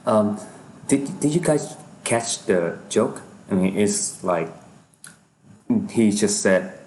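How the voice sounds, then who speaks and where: A man with a very deep voice comments on a comedy clip he is watching. He speaks hesitantly, restarting and repeating his words. A faint noise sits behind him. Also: animated, takes it slowly, a little mellow. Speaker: video reactor. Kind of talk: reaction commentary.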